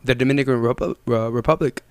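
A man chatting casually on a podcast, swearing freely and bantering in an animated way. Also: mid-range voice, quick pace, clean tone, no room sound. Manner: profane, animated, agreeable banter.

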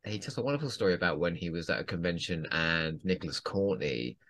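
Male host, low voice, very animated, laughs a lot, dry close mic. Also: quick pace, no echo. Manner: enthusiastic, laughs often. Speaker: podcast host. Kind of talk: casual chat.

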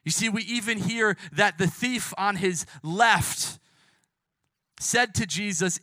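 A young man preaching a sermon with passion, moving from loud acted-out shouts to hushed, slow quotes. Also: high voice, no echo.

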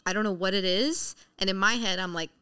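A young woman in her twenties hosts a relaxed podcast conversation. Her voice is bright and smooth, and she laughs a lot and fills her talk with "like". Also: medium pitch, a little fast. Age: 20s. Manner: laughs often, chatty, uses lots of "like". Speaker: podcast host. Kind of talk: casual chat.

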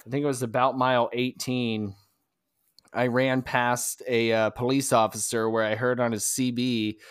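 A man co-hosting a podcast, telling a story in casual chat, rambling and halting with many fillers and restarts. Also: mid-range voice, flat delivery, clean tone, no echo, studio quality. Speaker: podcast co-host.

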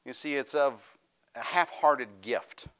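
A man's voice: medium pitch, takes it slowly, a bit bright. A middle-aged male pastor preaching a sermon, reading scripture aloud and rising into fervent, raised preaching.

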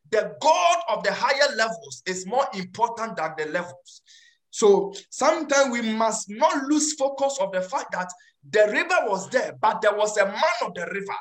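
A woman preaching a sermon, emphatic and repetitive, often restarting phrases. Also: mid-range voice.

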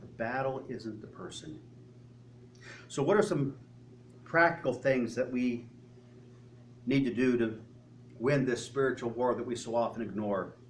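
A man's voice: mid-range voice, a little slow, long pauses. A male pastor preaching a sermon in an earnest manner, asking the congregation many rhetorical questions. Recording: distant mic with faint hum.

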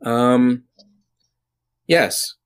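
A man's voice: mid-range voice, clear, resonant tone. Hesitant man running a tabletop game. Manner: halting, many fillers and restarts. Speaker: game master. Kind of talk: casual tabletop narration.

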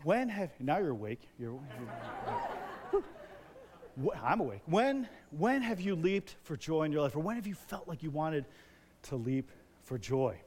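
A man in his forties preaching a sermon as a pastor, telling stories with lively, building excitement. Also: a little high, a little slow, long pauses, a little hiss or hum. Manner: animated storytelling, grows loud and excited. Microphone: wears a microphone.

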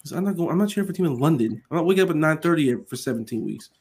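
A man's voice: a little high, animated, racing, a little mellow, husky. A man in casual sports chat, blunt and profane.

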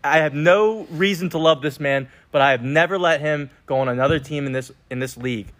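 A man's voice: a little high, fairly quick. A young man co-hosting a casual sports podcast, ranting and joking brashly about football. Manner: brash, joking, animated rants. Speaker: podcast co-host.

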